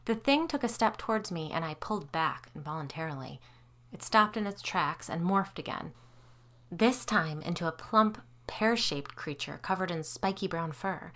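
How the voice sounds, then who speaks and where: Low-voiced woman narrating a ghost story. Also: lively intonation, normal speed, pushed and bright.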